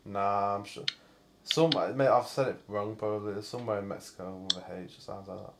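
A man's voice: on the low side, steady tone, brisk, background noise. A man hosting a gameplay video, chatting casually and swearing in exasperated banter with a friend while playing. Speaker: gaming channel host.

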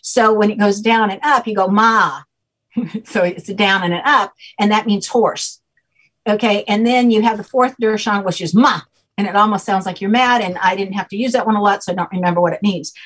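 Husky woman explaining patiently. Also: medium pitch, fairly quick, rough recording. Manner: patient, explains step by step with frequent "okay?" checks. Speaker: guest, name expert. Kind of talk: explanatory podcast interview.

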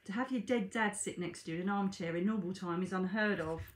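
A woman reads aloud from her own book in a plain, middle-pitched voice, now and then stopping to chat with her viewers and call them darlings. The sound rings with the echo of a bare room. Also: fast talker, a little hiss or hum. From Britain. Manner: chatty asides to viewers, calls them darlings. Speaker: psychic medium and author. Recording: echoey room.

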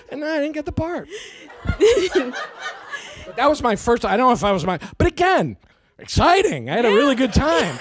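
A middle-aged man telling a story with great animation, his voice running high and leaping across a wide range as he acts out scenes. He laughs and swears freely in a loose, casual way. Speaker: actor telling stories. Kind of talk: casual anecdote in an interview.

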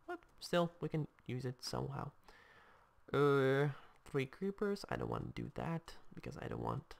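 A man giving casual let's-play commentary, reacting aloud to the game in a chatty, excitable way while attempting a put-on English accent. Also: mid-range voice, creaky. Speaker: gameplay commentator.

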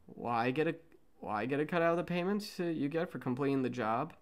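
A man reading a gruff male ship captain, a former politician, who speaks bluntly and matter-of-factly in a fan script reading. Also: a little high, fairly quick, natural voice.

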